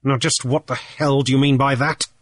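Male narrator as a gruff poacher captain, blunt, hard-edged, dry close sound. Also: mid-range voice, little pitch movement, normal speed, no echo, pitched above the performer's own voice, close to an everyday voice. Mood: guarded, blunt. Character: hard, dangerous adult male sea captain. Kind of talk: audiobook character voice.

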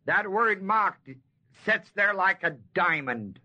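A man with a slightly high, bright, edgy voice preaches at an unhurried pace. He stretches out key words for emphasis and tosses folksy questions to his listeners. The sound is muffled and lo-fi, like an old sermon tape. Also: animated. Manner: folksy, asks the audience questions. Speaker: Bible teacher. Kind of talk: expository sermon.

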